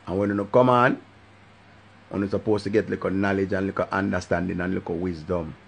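A man with a Jamaican accent, talking in patois on his live stream in an animated, sing-song way and often repeating a catchphrase. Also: sits low, brisk, vocal fry, slight background noise. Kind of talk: casual live-stream rant.

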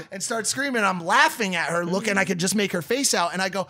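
A man hosting a podcast, telling a story in a casual, animated, profane way, laughing as he goes. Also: sits high, fairly quick, heavy background noise. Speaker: podcast host.

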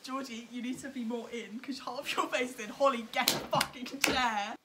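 A woman's voice: a little high, steady tone, moderate pace, a bit bright, slight background noise. A young woman hosting a casual vlog at home, giggling often and swearing casually. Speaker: vlog host. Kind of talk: casual chat.

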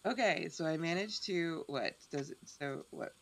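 A woman streaming a game, chatting excitedly and poking fun at herself. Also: low voice, moderate pace, vocal fry. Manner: chatty, self-deprecating, excitable. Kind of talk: casual game commentary.

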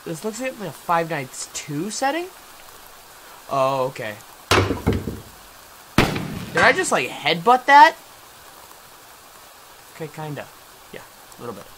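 A woman's voice: lowish voice, sing-song, slow pace, pauses often, very noisy. A young adult woman giving let's play commentary, frustrated and exclaiming often. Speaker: gaming video host.

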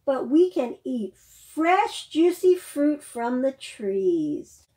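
A woman voicing an excited troop of baboons, calling out in a storybook reading. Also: high-pitched, extremely slow, pitched above the performer's own voice, heavily acted. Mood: cheerful.

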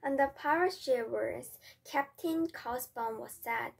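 A woman's voice: high voice, vocal fry, slight background noise. A woman whose first language is Korean reading an English storybook aloud, carefully and with frequent restarts. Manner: slow, careful, with slips and restarts. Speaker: reader.

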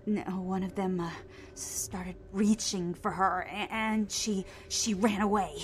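A woman's voice: medium pitch, steady tone, a little hiss or hum, close to an everyday voice. An actress voicing a terrified, timid young female cult member in a video game, stammering in half-whispers. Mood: frightened. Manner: halting, frightened speech full of restarts.

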